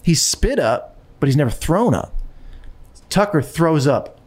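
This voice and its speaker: A man in casual conversation, telling a personal story in an animated way with frequent restarts and repetitions. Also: fairly high pitch, a little slow.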